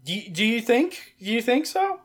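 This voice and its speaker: A man's voice: extremely high pitch, very animated, normal speed. A man hosting a casual podcast, laid-back, explaining with lots of fillers. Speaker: podcast host. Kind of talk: casual chat.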